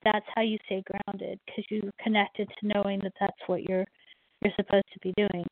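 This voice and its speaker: A woman's voice: mid-range voice, level tone, normal speed, no echo. A woman, a fellow radio host, giving heartfelt, emotional thanks and often repeating herself. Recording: dry tinny phone line.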